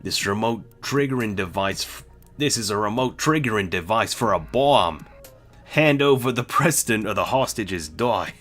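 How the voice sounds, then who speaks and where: A man voicing a furious male villain with a bomb, shouting in a put-on New York accent. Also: lively intonation, moderate pace, faint music behind. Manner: shouting, high and strained.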